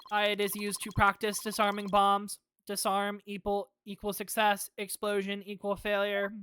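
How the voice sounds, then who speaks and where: A woman voicing a calm, smug male bomb-disposal expert witness, clipped and deadpan, for a courtroom game. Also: medium pitch, moderate pace, slight background noise, close to an everyday voice.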